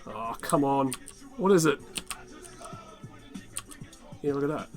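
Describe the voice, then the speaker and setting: A man with a raspy, worn-out voice giving rambling, casual gameplay commentary, muttering to himself and swearing often. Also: medium pitch, lively intonation, takes it slowly, darkish tone, soft background music. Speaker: gaming channel host.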